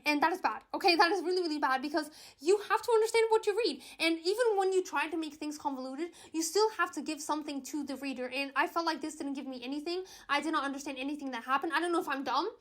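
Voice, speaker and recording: A woman's voice: sits high, fast talker, hardly any pauses, a bit bright. A woman from Portugal reviewing books in a casual vlog, chatty and emphatic, often repeating herself. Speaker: book reviewer.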